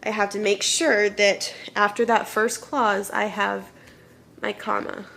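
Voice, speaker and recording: A woman's voice: mid-range voice, little pitch movement, a little slow, gravelly, fairly bright tone, a little hiss or hum. A woman teaching a children's grammar lesson, patiently explaining step by step and often checking in with "okay?". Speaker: elementary school teacher.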